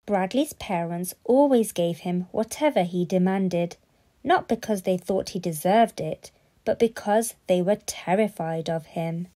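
A woman reading a children's storybook aloud in an expressive, playful way. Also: lowish voice, unhurried.

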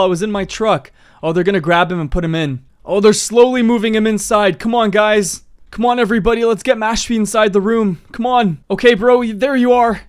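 High-voiced excitable young man. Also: clear, resonant tone. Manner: excitable, frequent exclamations. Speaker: gaming video narrator. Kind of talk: excited game role-play commentary.

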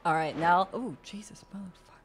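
A woman's voice: lowish voice, a little fast, background noise. A young woman from Mississippi streaming sim racing and chatting casually with viewers, laughing often and swearing now and then. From Mississippi, US South. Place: home sim racing setup. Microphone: desktop USB microphone.

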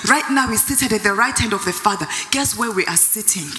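A higher-voiced woman pastor leads the congregation in fervent prayer and repeated declarations, slipping into tongues between lines. Her voice is bright and sharp. It rings through a long-reverb church hall over soft music. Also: expressive, brisk. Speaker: pastor leading worship.

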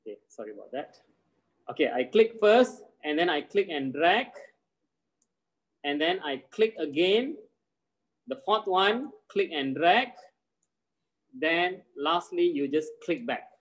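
Patient man teaching software. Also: a little high, animated, low-quality recording. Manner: patient, repeats steps slowly and reassures. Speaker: design software trainer. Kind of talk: live online software tutorial.

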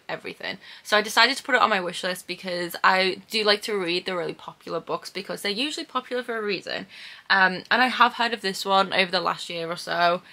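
A young woman vlogging casually about books, gushing and excitable, with lots of "like" and "oh my god". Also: medium pitch. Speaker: book vlogger. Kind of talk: casual vlog chat.

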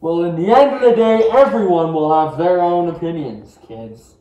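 A young man playing a kindly old grandfather who talks gently to his grandkids at bedtime in a school skit. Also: fairly high pitch, expressive, moderate pace, lo-fi sound, close to an everyday voice. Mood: gentle. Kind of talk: amateur school skit acting. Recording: roomy echo.

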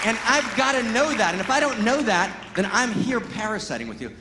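A man giving an impassioned spiritual talk at a Sunday service, emphatic, constantly asking "right?" and swinging between loud exclaims and hushed, intimate lines. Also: sits high, big pitch swings, fairly quick, hardly any pauses, a loud crowd, very noisy. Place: large hall at a live Sunday service. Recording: echoey hall with long reverb.

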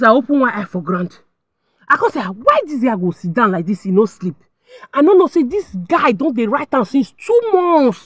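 A young Nigerian woman vlogging, her high voice swinging widely up and down as she tells her story with drama and emphasis. She calls out to her viewers as she talks, and the sound is close and dry with no room echo.

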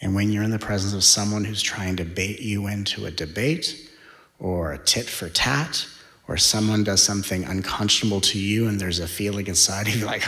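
Low-voiced man giving a spiritual talk. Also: normal speed. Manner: playful, shifting from hushed to animated. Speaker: spiritual teacher.

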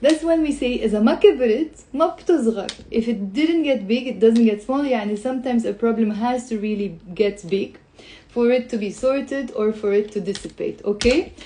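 A woman teaching Lebanese Arabic in a live-streamed lesson, chatty and laughing often, greeting viewers as she drills phrases slowly. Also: a little high, warm tone.

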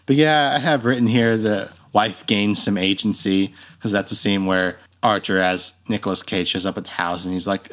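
Casting note: young male podcast co-host, lower-pitched voice, animated, swears, jumps into squeaky impressions of film lines. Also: moderate pace. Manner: animated, swears often, acts out quotes in high voices. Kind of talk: casual chat.

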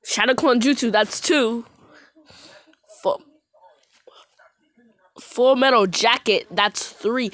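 A woman rapping fast to a beat and stumbling over lines, then talking low and tired about running out of breath. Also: fairly bright tone. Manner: fast rap delivery with stumbles and restarts; drops to a low, tired speaking voice between takes. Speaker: amateur rapper practicing.

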